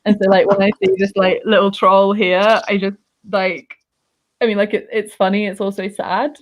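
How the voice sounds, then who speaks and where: A woman on a video call, guest on a podcast, telling an anecdote in animated, giggly casual chat. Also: mid-range voice, normal speed.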